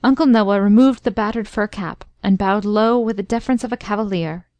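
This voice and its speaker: A woman narrating a classic story in a steady, even storytelling voice. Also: medium pitch, a little fast, no room sound. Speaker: audiobook narrator.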